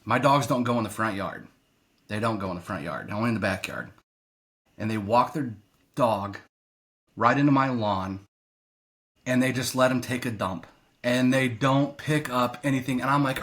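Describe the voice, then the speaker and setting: A man, a podcast guest who coaches youth sports, talks casually. He tells his stories with animated, exasperated energy and builds into rants. His voice sits at an ordinary middle pitch for a man. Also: normal speed.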